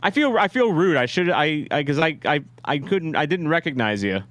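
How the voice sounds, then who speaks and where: A man's voice: fairly high pitch, animated, normal speed, fairly bright tone, no room sound. A man hosting a live-stream watch-along, chatting casually with viewers in a rambling, self-deprecating way with many restarts. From St. Louis, USA. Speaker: livestream watch-along host.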